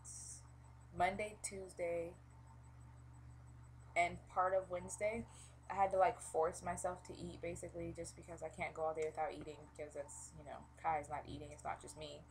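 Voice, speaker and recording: A woman's voice: on the low side, level tone, moderate pace, a little hiss or hum, rough recording. A young woman vlogging in casual chat, venting freely with plenty of swearing and filler words.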